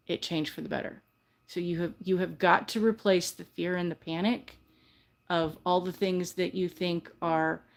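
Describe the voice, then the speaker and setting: An older woman hosting a casual livestream, talking earnestly and heartfelt, often restarting her sentences. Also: fairly low pitch. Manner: earnest, rambling, self-correcting, heartfelt. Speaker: livestream host.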